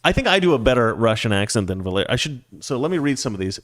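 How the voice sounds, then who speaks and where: A man's voice: mid-range voice, sing-song, fast, hardly any pauses, a bit bright, dry recording, clean studio sound. A man in his forties hosting his own talk show, giving opinionated commentary in a conversational way and reading out viewer messages. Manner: opinionated, conversational, frequent restarts. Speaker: show host.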